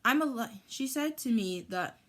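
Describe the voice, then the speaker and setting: A woman vlogger telling a storytime, animated and heated, with lots of "like". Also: a little high, moderate pace, heavy background noise. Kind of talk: storytime vlog.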